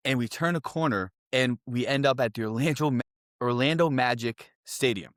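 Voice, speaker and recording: A young man from Connecticut telling a wild story on a podcast, animated and profane, full of "I'm like" and "right?". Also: medium pitch, moderate pace, no room sound, studio quality. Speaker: podcast guest. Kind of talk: casual storytelling.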